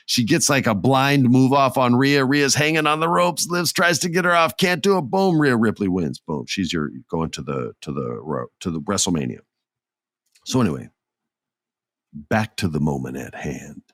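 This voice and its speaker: Lowish-voiced man telling an excited recap. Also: dry recording, clean studio sound. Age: adult with children. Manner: animated storyteller who acts out quotes. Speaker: podcast host. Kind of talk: casual wrestling recap.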